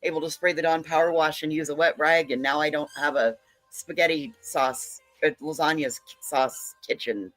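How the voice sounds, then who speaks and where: A middle-aged woman, a guest on a livestream panel, chats casually and rambles animatedly with quick asides. Her voice is low, with no echo and soft background music.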